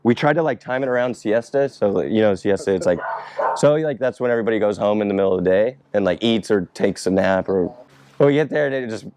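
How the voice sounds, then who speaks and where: A man's voice: lowish voice, fast talker, a little mellow, slight background noise. A young man in casual chat, answering fan questions about skateboarding in a loose, rambling way, swearing freely and laughing often.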